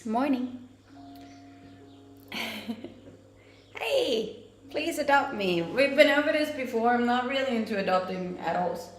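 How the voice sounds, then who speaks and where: Twenties woman from denmark chatting w her stream, kinda high voice, echoey room, bit of music behind. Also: expressive, takes it slowly, pauses often, a little hiss or hum. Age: 20s. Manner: cheerful, teasing, laughs often. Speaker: livestream host. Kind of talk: casual chat reading viewer comments. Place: home kitchen.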